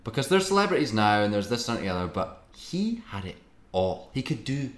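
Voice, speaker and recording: A man chatting casually as a podcast guest, telling rambling, animated stories. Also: lowish voice, brisk, roomy sound. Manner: rambling, animated storytelling with impressions. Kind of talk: casual chat. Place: live podcast venue.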